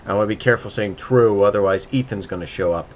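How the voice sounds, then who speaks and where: A man's voice: on the low side, brisk, slight background noise. A man hosting a casual writing livestream, thinking aloud and muttering to himself as he works.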